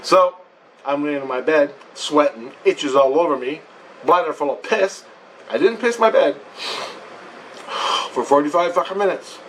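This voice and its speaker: A man retelling a personal experience in a blunt, profane, animated way. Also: a little high, a little slow, recorded from a distance, slight background noise, poor audio. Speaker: vlogger. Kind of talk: casual storytelling.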